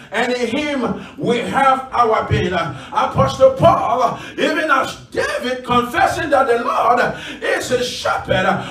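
A man's voice: very high voice, a bit bright. A man preaching a sermon to a congregation, talking emphatically with many filler sounds and leading call-and-response. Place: church. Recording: echoey room, from far off.

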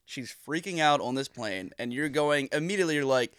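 A man's voice: medium pitch, lively intonation, fairly quick, fairly bright tone, clean tone, no echo, clean studio sound. A man in his thirties co-hosting a podcast, telling stories in a loose, rambling way with laughs and swearing. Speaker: podcast co-host. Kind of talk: casual chat.

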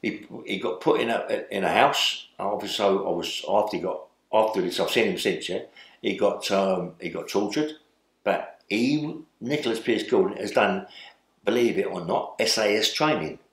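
A man's voice: lowish voice, moderate pace, echoey room. An older man, telling stories in a rambling way as an interview guest and tagging lines with "yeah?". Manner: rambling, tag questions like "yeah?". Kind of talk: storytelling in a sit-down interview.

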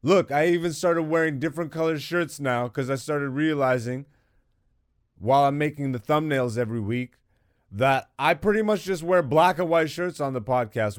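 A man's voice: a little high, no room sound. A man hosting his own podcast in a studio, riffing alone in a goofy, profane, joking way into a studio microphone. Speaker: podcast host. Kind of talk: casual comedic solo monologue.

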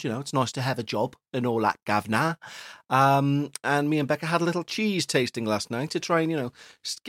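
A man's voice: mid-range voice, no room sound, clean studio sound. Jokey man hosting a podcast. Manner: jokey, punning, chatty. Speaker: podcast host. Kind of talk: casual podcast chat and reading news aloud.

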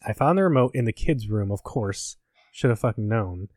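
A man's voice: fairly low pitch, expressive, normal speed, darkish tone, no room sound, clean studio sound. A man in casual chat recapping a game, rambling, profane and self-mocking. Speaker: podcast host, academic.

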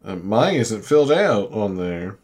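A man's voice: on the low side, very animated, a little slow, a little mellow. A man playing a tabletop game, talking hesitantly and laughing at his rolls. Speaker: player. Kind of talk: casual tabletop play.

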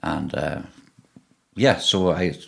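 A creaky, slow-paced voice belongs to a middle-aged musician from Donegal with a broad Irish accent and a very deep, low tone. Chatting in an interview, he ambles through his stories in a relaxed way, stumbling, repeating himself and restarting frequently.

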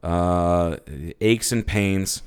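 A man's voice: low voice, steady tone, very slow, clear, resonant tone. A man co-hosting a podcast in casual, joking chat, swearing freely and breaking into mock voices. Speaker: podcast co-host.

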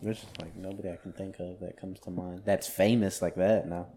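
A man's voice: low voice, fairly even intonation, fairly quick, mellow. A young man in casual chat, laid-back and a little hesitant.

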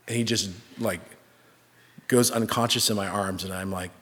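A man preaching a sermon, telling a personal story with an animated, self-mocking manner. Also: fairly low pitch, a little fast. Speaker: pastor. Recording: reverberant hall.

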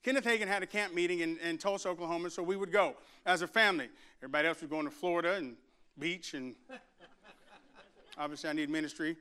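A man delivering a sermon in a church, moving from a quiet prayer into an animated story told with acted-out voices and rising shouts. His voice sits high and carries a bright, clear ring. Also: quick pace. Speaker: preacher. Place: church sanctuary.

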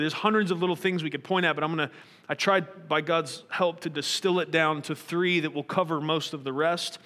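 A man's voice: fairly high pitch, pushed and bright, long reverb tail. A man preaching a sermon, earnest and probing, asking his listeners pointed rhetorical questions.

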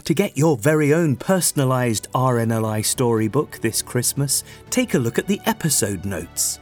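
A man reading a children's bedtime story aloud in an expressive, sing-song way. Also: medium pitch, normal speed. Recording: soft music underneath.

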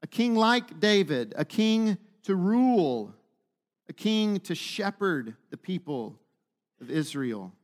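A man's voice: high voice, big pitch swings, slow. A man preaching a sermon, teaching with frequent rhetorical questions to the room. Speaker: pastor.

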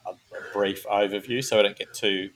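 A man's voice: fairly low pitch, steady tone, moderate pace. A man hosting a casual true-crime chat, joking and laughing between case notes. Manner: jokey, laughs often, reads case notes. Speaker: podcast host.

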